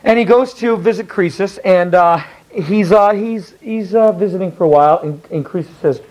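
A man's voice: high-pitched, moderate pace, a little mellow, poor audio. A male history teacher telling a story to his class in a chatty, rambling way. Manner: chatty, rambling, many fillers and restarts.

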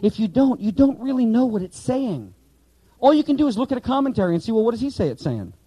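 A man's voice: very high voice, very animated, quick pace, mellow, husky, no room sound, rough recording. A man teaching the Bible to pastors in training, emphatic, repeating key words and quizzing the class while he writes on a board.

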